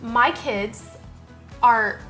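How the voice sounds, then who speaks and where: A middle-aged woman co-hosting a casual chat show, lively and reactive, often answering with short affirmations. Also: a little high, drawn-out words, soft background music. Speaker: podcast co-host.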